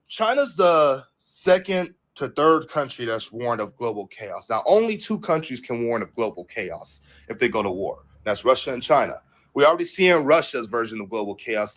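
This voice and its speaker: A man's voice: medium pitch, animated, a little fast, a bit bright. A young man hosting a political livestream, casually cursing and rambling as he reads headlines aloud and riffs on them. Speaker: livestream host.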